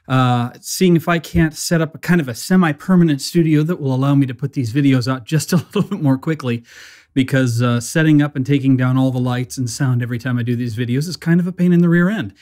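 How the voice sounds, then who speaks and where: A man's voice: fairly high pitch, a little mellow. A young adult man hosting a casual product review from a small home studio, chatty and self-deprecating, with frequent restarts. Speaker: pen reviewer, channel host.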